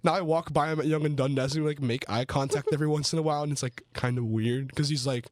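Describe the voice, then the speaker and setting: A young man, co-hosting a podcast in casual chat, telling animated stories and acting out quoted voices. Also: on the high side, quick pace, dry recording. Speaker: podcast co-host.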